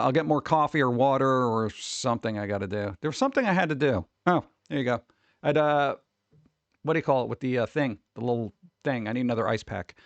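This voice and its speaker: A man hosting a casual live stream, rambling and mocking things with sudden jumps up into a high voice. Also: no room sound. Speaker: streamer host.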